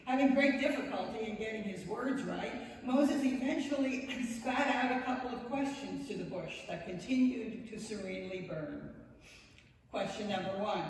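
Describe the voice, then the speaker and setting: A woman's voice: medium pitch, moderate pace, a little hiss or hum. A woman pastor giving a sermon, telling a story with wry, playful asides. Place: church sanctuary. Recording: echoey church hall, distant mic.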